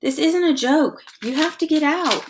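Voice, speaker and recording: A woman reading aloud, voicing a panicked boy who shouts and pleads urgently to warn his friends of a shark. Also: high-pitched, moderate pace, background noise, pitched above the performer's own voice, close to an everyday voice. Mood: pleading.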